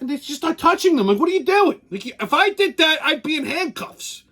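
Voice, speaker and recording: Male host, crude mocking rant delivery, high and animated pitch. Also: a little fast, few pauses. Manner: crude, profane, mocking, swings between loud outbursts and low grumbling. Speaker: show host. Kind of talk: ranting comedic commentary.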